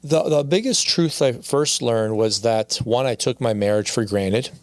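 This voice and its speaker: A man's voice: mid-range voice, measured pace, no room sound. A man speaking as a podcast guest, telling his story in a candid, confessional way and often repeating his phrases.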